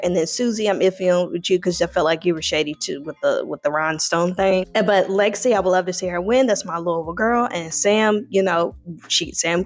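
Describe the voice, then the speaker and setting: A woman with a warm Southern drawl and twang talks through her show review in a chatty, opinionated way, gushing over favourites and teasing others. She speaks into a handheld mic at an ordinary middle pitch. Faint music sits softly behind her voice. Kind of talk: casual chatty review vlog. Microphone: handheld microphone.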